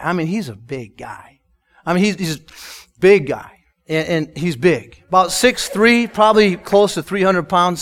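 A high-pitched male pastor shares a personal testimony within his sermon. He alternates loud, emphatic lines with soft, hushed ones.

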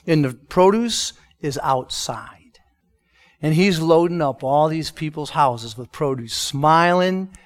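A man preaching a sermon as a pastor, telling a personal testimony and moving between loud emphatic lines and hushed soft ones. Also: a little high, takes it slowly.

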